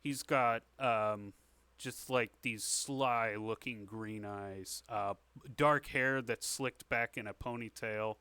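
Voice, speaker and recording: A man's voice: mid-range voice, steady tone, takes it slowly, pushed and bright, smooth, dry recording. A man narrating as game master in a tabletop game, describing scenes casually with many fillers. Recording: online session.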